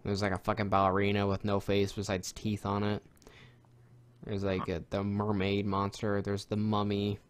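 A young man co-hosting a podcast, talking in a rambling, excitable way with lots of fillers and swearing. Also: on the low side, normal speed. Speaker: podcast co-host. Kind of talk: casual chat.

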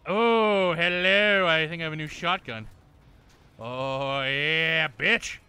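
A man commentating his own shooter gameplay, swearing often and breaking into loud shouts at enemies. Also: on the high side, takes it slowly, clear, resonant tone. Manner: profane, bursts into yelling at enemies. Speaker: gameplay streamer. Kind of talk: let's-play commentary.

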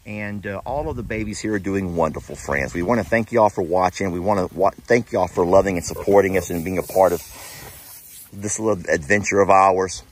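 A man chatting casually as he tends his farm animals outdoors, cooing at them now and then. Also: a little fast. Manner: chatty, coos at the animals in a high voice. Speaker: farm vlogger.

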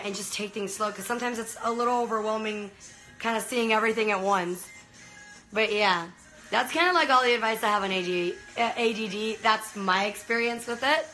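A bright, slightly high voice belongs to a young woman from Venezuela chatting on a phone live stream. She gushes and rambles, packing her sentences with "like" and "you know." It sounds casual and unscripted. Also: rough recording. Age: young adult. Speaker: livestreamer.

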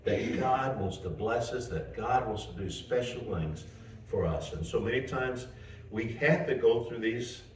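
A male pastor preaching a sermon in a folksy, animated storytelling way, chuckling and restarting as he goes. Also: mid-range voice, measured pace, slight background noise. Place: church. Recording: roomy church, mic at a distance.

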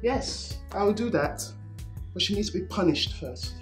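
A woman's voice: medium pitch, animated, a little slow, faint music behind, close to an everyday voice. An actress with a Nigerian accent playing a haughty, rich young woman who scolds her staff with demands. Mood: angry. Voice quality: scolding, demanding, rising to shouts. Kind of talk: Nollywood film acting.

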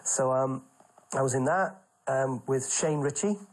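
A man's voice: medium pitch, normal speed, low-quality recording. A middle-aged Welsh man, a comedian, telling chatty backstage anecdotes in an interview and acting out the people in them. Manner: chatty, animated, acts out the people in his stories.

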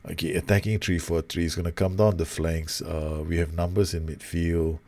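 A man's voice: low-pitched, level tone, moderate pace, darkish tone. A man commentating on his own football management game, groaning and exasperated at his team. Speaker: gaming YouTuber.

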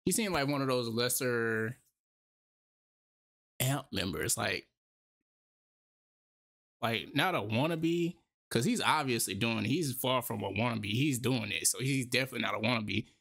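A man's voice: mid-range voice, measured pace, creaky, pauses often, fairly bright tone, no echo, clean studio sound. A man streaming his reaction to a video, talking in a loose, slangy way and often repeating himself. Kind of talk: casual reaction commentary.

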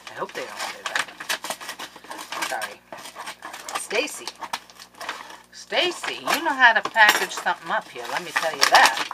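Excitable woman unboxing crafts, lively voice. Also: fairly low pitch, normal speed, long pauses. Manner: excitable and gushing, with gasps and laughs. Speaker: crafting channel host opening mail. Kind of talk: casual chat to viewers. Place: home craft room. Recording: noisy background with clicks.

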